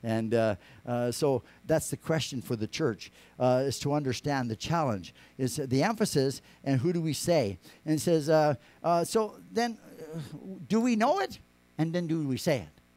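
A man preaching a sermon, rambling with many restarts, rising to emphatic lines and dropping to quiet asides. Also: fairly high pitch, expressive, moderate pace, dry recording. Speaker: pastor.

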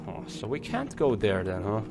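A young man casually commenting on his gameplay, chatty and swearing, his voice hoarse from coughing. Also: lowish voice, wildly swooping pitch, normal speed. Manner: chatty, swears, talks to creatures on screen. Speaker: let's play gamer. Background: game music.

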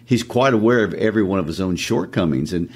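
A man's voice: sits low, expressive, quick pace, darkish tone, breathy edge. A man co-hosting a literature podcast, analyzing a play in a thoughtful way. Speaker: podcast co-host. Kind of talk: educational literature discussion.

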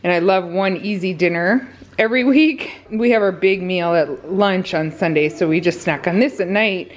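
A woman's voice: lowish voice, moderate pace. A woman, chatting casually through a grocery haul, out of breath and laughing often. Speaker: vlogger showing a grocery haul. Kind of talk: casual chat.

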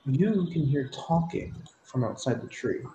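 A man's voice: a little high, expressive, measured pace, warm tone, roomy sound, highs cut off. A man narrating as game master of a tabletop game, describing scenes with frequent fillers.

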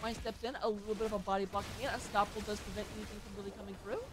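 A woman casting an amateur esports match with play-by-play commentary, chatty and excitable, with joking asides. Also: medium pitch, very fast, noisy background. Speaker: esports caster.

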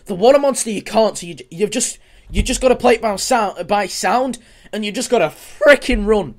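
High-voiced young man screaming at horror. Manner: jumpy, screams and rambles in repeated phrases. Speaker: gaming YouTuber. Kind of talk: horror game let's play commentary.

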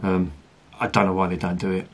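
A man's voice: low-pitched, flat delivery, a little fast. A middle-aged man, reviewing beer in a chatty, ranting monologue and swearing casually. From Britain.

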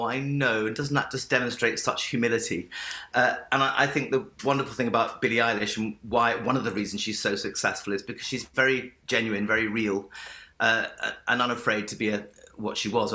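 A man's voice: fairly low pitch, sharp tone, echoey room. A middle-aged man with a posh English accent, a vocal coach telling his story as an interview guest in a theatrical, effusive way. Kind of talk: enthusiastic interview answers. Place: remote link from home with piano.

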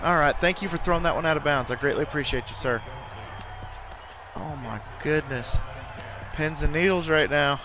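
Excitable man reacting to a football game. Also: on the high side, moderate pace, long pauses, a crowd in the background, background noise. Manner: excitable, frequent exclamations and mild cursing. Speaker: gaming YouTuber. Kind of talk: live video game commentary.

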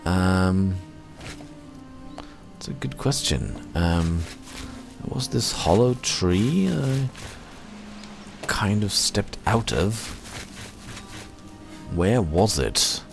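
A low-voiced man gives casual commentary over his own gameplay, rambling and talking to himself. He speaks slowly with lively swings in pitch and plays at being angry. Faint game music sits underneath. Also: vocal fry. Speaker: let's play host.

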